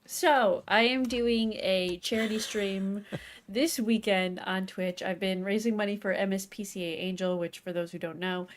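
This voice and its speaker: A woman's voice: mid-range voice, fairly even intonation, moderate pace, a little hiss or hum. Bubbly, giggly woman co-host. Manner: bubbly, giggly, rambling storyteller. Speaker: podcast co-host. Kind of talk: casual chat.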